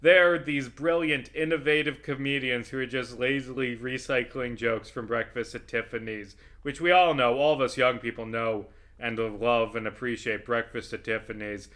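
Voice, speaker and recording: A man's voice: mid-range voice, normal speed, few pauses, fairly bright tone. A man rambling through casual commentary while playing a video game, swearing freely and swinging into heated rants.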